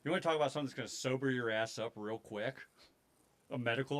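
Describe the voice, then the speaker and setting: Man, 30s, podcast co-host. Casual, profane storyteller who acts out every quote, mid-pitched. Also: fast. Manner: profane, animated anecdote telling with acted quotes.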